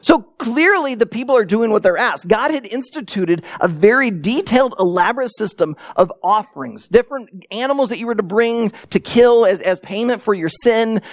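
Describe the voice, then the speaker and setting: A middle-aged man delivering a sermon with a lively, swooping delivery, acting out voices as he tells stories. His voice is close and dry, with no room sound around it. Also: high-pitched, no echo. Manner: animated storytelling with acted-out quotes. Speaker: pastor.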